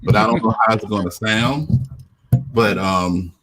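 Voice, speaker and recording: A man's voice: fairly low pitch, measured pace, fairly bright tone. A middle-aged man chatting casually as a guest, hesitant and full of fillers. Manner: hesitant, many fillers and restarts. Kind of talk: casual chat.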